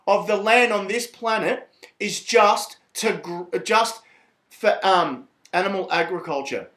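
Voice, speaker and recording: A man's voice: high voice, a little slow, a bit bright, echoey room. A man, talking to camera in a profane, rambling and heated monologue. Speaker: vlogger.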